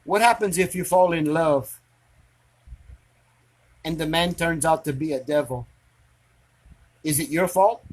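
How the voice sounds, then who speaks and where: A man with a high, husky voice rants at his online audience. He sounds preachy and confrontational and keeps hammering the same rhetorical questions. His delivery comes across as an angry monologue. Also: unhurried, long pauses. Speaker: commentator reacting to social media drama.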